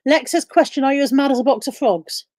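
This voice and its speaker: A woman with a fairly high voice hosts a casual live stream, reading viewer questions aloud and answering them. The sound is dry and close, with no room echo. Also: fast talker, a little mellow.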